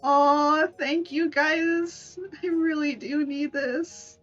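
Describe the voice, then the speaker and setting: A woman artist chatting on a live stream, giggly and halting, with many restarts. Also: high-pitched, fairly even intonation, muffled recording, soft background music. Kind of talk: live-stream chat while making art.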